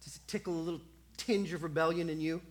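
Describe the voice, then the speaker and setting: A man preaching a sermon who swings between loud bursts and hushed lines, repeating phrases and acting out little exchanges. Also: a little high, steady tone, quick pace. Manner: acts out little dialogues and repeats phrases for effect.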